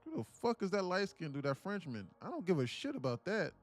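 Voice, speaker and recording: A man voicing an irate male trader who has lost his money, profane and indignant, shouting at a streamer. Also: on the high side, sing-song, fairly quick, faint music behind.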